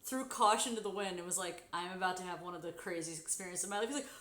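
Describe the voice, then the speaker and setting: A woman telling a story in casual chat while sewing on a live stream, swearing freely and bursting into loud, high exclamations. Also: quick pace. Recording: echoey room.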